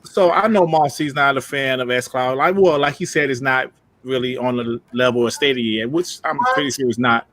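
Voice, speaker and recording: A man's voice: medium pitch, normal speed, fairly bright tone, no room sound. A man hosting a live gaming podcast in a loose, slangy way, greeting the chat and asking his co-hosts questions. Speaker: podcast host reading chat. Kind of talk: casual live-stream chat.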